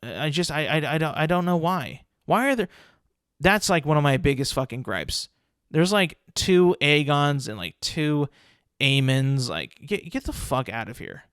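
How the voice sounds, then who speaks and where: A man's voice: on the high side, lively intonation, measured pace, fairly bright tone, smooth, no echo, studio quality. A young man hosting a solo podcast, ranting casually with lots of swearing, fillers and restarts. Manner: rambling, profane, many fillers and restarts. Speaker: podcast host.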